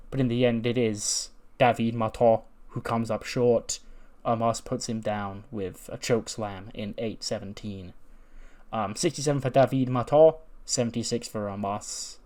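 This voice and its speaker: A man's voice: medium pitch, fairly even intonation, moderate pace, a little mellow. Brief: man, casual let's-play recap, rambling and profane. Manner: rambling, swears, laughs at results. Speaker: game commentator.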